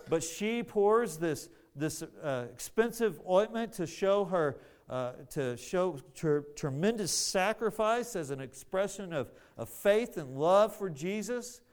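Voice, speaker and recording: A man's voice: high voice, expressive, takes it slowly. A man preaching a sermon, earnest, often repeating words as he searches for the phrasing.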